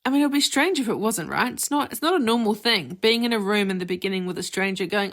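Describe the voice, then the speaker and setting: A woman's voice: mid-range voice, lively intonation, fast, few pauses, a bit bright. A woman hosting her own podcast, talking openly as a therapist about her experience. Her speech is candid and conversational, with casual "like" and "you know" fillers. She speaks as a reflective, personal monologue.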